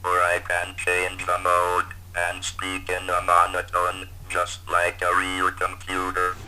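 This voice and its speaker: A man's voice: sits low, completely flat delivery, slow, crowd noise, poor audio. A vintage speech synthesizer speaking in a male voice. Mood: flat synthetic. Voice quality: robotic, synthetic.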